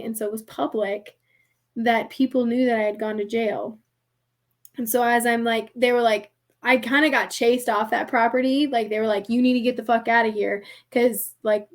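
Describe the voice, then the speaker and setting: A young adult woman telling a personal story as a podcast guest, chatty and animated, filling her speech with "like" and acting out quoted voices. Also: on the high side. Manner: animated, heavy use of "like", acts out quoted voices. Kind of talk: casual storytelling.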